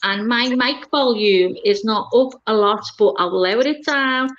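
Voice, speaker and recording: English woman, chatty, self-deprecating, higher voice, phone in her kitchen, dull lo-fi sound. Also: unhurried, fairly bright tone. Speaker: livestream chat guest. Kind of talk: casual chat. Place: home kitchen. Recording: muffled lo-fi phone audio.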